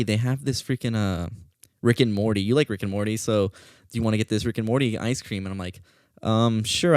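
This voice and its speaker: A man hosting a podcast, telling a story in a casual, animated way and swearing often. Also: on the low side, dry recording, studio quality. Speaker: podcast host.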